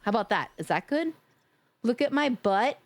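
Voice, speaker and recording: A woman streamer talks over her game in a bright, bouncing voice that rises and falls a lot. She rambles, loses her train of thought, swears casually and keeps thanking her viewers. The sound is dry and close. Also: fairly high pitch, lively intonation, normal speed, no room sound. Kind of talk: casual live gameplay chat.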